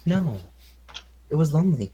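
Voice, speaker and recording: A woman voicing a sleepy, doll-like construct companion who talks in a flat, literal, drowsy way. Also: deep voice, moderate pace, lo-fi sound, slight background noise, voice pushed down. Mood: deadpan.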